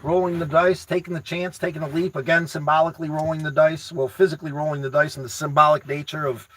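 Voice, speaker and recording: Excitable man chatting on a livestream. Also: on the high side, fast talker, rough recording. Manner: excitable, rambling, repeats words; addresses viewers by name, teasing. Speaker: livestream host reading chat. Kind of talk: casual motivational livestream chat.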